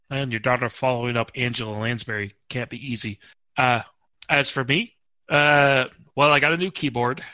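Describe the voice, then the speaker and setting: Bright-voiced, chatty podcast host man. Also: medium pitch, no room sound, rough recording. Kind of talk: casual podcast chat.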